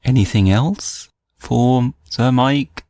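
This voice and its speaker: A man's voice: medium pitch, slow, warm tone, no room sound, clean studio sound. A man co-hosting a podcast in casual chat, wry and laid-back. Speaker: podcast co-host.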